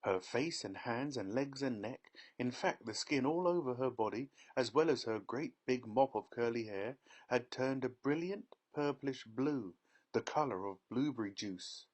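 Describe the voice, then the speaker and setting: A man reading a children's novel aloud as an audiobook narrator, in measured storytelling. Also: medium pitch.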